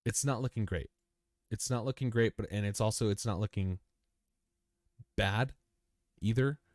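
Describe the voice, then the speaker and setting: A young man with a slightly mellow, low-leaning voice hosts a livestream of crypto chart analysis at a moderate pace. The recording is dry and studio quality. He's chatty, repeats phrases, speaks to the chart as "you," and calls his audience "man," "dude," and "bro."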